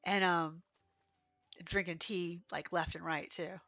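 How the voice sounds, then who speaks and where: A woman streaming a game, hoarse and coughing from being sick, chatting and telling rambling stories as she plays. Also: fairly low pitch, steady tone, slow pace, a bit bright, faint music behind. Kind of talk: casual livestream chat while playing.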